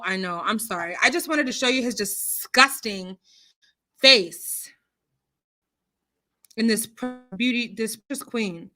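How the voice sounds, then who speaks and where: On a casual livestream, a woman with a fairly high, bright, forceful voice reads viewer comments aloud and reacts in an outspoken, indignant way. She's heard through a computer mic on a streaming call.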